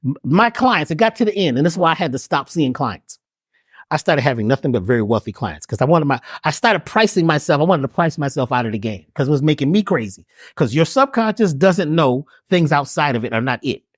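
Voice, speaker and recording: A man's voice: a little high, sing-song, a little fast, breathy edge, no echo, clean studio sound. A man being interviewed who teaches in an emphatic, preacherly way, firing off rhetorical questions and slang. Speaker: guest, spiritual healer and herbalist.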